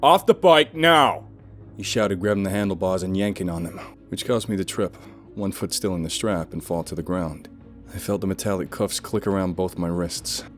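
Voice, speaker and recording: Guy w a lowish voice narrating a creepy first-person horror story, dramatic delivery. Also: fairly even intonation, a little fast, darkish tone, soft background music.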